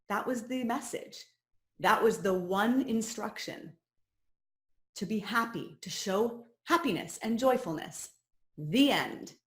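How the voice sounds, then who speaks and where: A woman's voice: medium pitch, fairly bright tone. Earnest woman coach in a roomy space. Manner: earnest and personal, sharing her own story. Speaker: personal growth coach leading a course. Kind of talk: reflective teaching talk. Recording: roomy echo.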